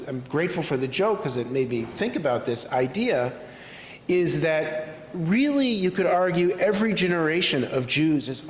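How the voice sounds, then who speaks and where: A male rabbi speaking to a congregation in a synagogue sanctuary. He tells stories thoughtfully, with frequent pauses. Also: fairly high pitch. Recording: echoey hall with faint room noise.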